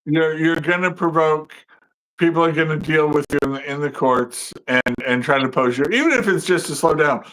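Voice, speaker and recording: Man, co-host, slightly high pitch, emphatic, political chat. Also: normal speed, fairly bright tone, poor audio. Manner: emphatic, ends points with "right?". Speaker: podcast co-host. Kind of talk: casual political talk.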